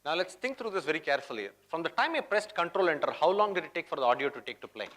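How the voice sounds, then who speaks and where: A man's voice: fairly high pitch, very animated, very fast, fairly bright tone. A man presenting a live coding demo at a tech conference, chatty and always checking in with the audience. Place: conference hall.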